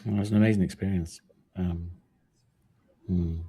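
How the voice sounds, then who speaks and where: A man hosting an interview podcast, asking long, halting questions with many restarts. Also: low-pitched, fairly even intonation, warm tone, breathy edge. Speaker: podcast host.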